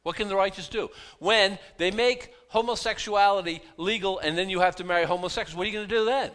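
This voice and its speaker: A pastor preaching a sermon in a conversational, animated way, full of rhetorical questions. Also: male voice, sits high, fast talker, few pauses.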